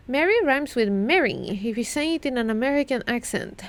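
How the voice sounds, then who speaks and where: A woman's voice: on the high side, animated, moderate pace, hardly any pauses. A young British woman streaming a puzzle game, muttering and thinking aloud as she repeats clues to herself.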